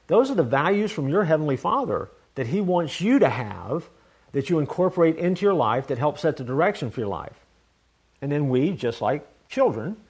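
A man's voice: on the high side, a little mellow. A man preaching a sermon in an earnest, conversational way, telling a personal story with many restarts. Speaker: pastor.

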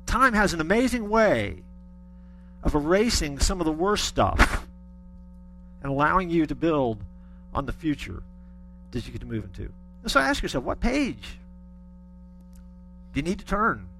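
A man's voice: fairly high pitch, very animated, a little slow, creaky, pauses often, fairly bright tone, soft background music. A middle-aged man preaching a sermon, telling stories with folksy humor. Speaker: pastor.

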